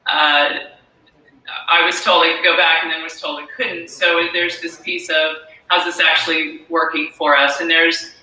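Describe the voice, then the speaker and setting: Bright, rambling woman on an echoey call. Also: sits low, flat delivery, moderate pace. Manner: rambling, many fillers and restarts. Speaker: guest massage and fitness therapist. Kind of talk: casual interview on a video call.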